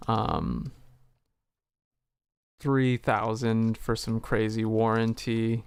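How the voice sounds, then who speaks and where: A man's voice: fairly low pitch, little pitch movement, very slow, creaky, clear, resonant tone, no room sound. A man streaming from home, chatting casually with lots of fillers and some swearing, acting out both sides of a conversation as he tells it, with keyboard clicks behind him. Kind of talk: casual livestream chat.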